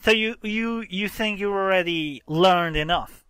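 A man hosts a casual let's-play, grumbling and exclaiming as things go wrong. His voice sits a little high and bright, swinging widely in pitch at a slow, unhurried pace. The sound is dry and close. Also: smooth, dry recording. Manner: exasperated, exclaiming, explaining game mechanics. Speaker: gaming channel host.

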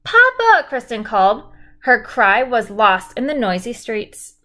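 Teacher reading a storybook aloud. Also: female voice, a little high, a little slow, bright, forceful tone. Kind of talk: reading a children's chapter book aloud.

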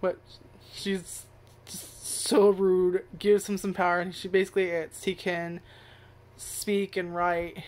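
An anime reviewer gives casual first impressions of a show, rambling, swearing freely, and correcting herself as she goes. Her voice is on the low side and darkish, with a level tone and a slow pace.

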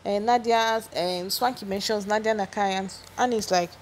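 A woman's voice: medium pitch, steady tone, normal speed, a little hiss or hum. A woman giving a chatty, opinionated gossip recap, often restarting her sentences. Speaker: celebrity gossip vlogger.

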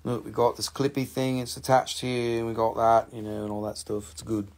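Man, mid-Atlantic American accent, gravelly, upbeat live-stream seller patter, phone mic. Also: mid-range voice, monotone, brisk, a little mellow. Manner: chatty, upbeat salesman patter, repeats words. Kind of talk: casual live sales stream. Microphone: phone held in hand.

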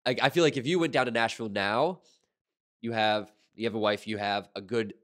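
A man's voice: fairly low pitch, fairly quick, fairly bright tone. Laid-back male interview host. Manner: laid-back, lots of "like" fillers. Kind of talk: casual interview chat.

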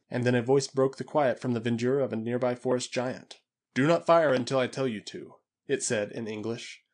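A man narrating an audiobook adventure in a measured, even storytelling manner. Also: medium pitch.

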